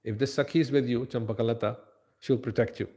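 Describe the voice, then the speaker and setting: A calm divine queen who comforts and promises protection, as a man tells her part in a sermon. The delivery is soft and plain, not loud. It stays close to a speaking voice. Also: mid-range voice, fast talker, close to an everyday voice. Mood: reassuring. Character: reassuring divine queen of the cowherd maidens.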